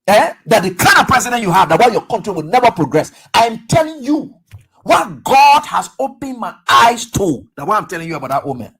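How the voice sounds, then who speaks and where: A radio talk show host with a Liberian English accent, giving an animated political commentary monologue, acting out dialogue and firing off rhetorical questions. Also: medium pitch, brisk, husky.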